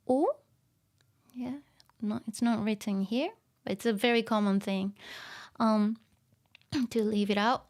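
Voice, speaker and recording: A woman's voice: mid-range voice, steady tone, measured pace, long pauses, darkish tone. A woman giving a casual online language lesson, chatty and full of fillers and small laughs. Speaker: language teacher.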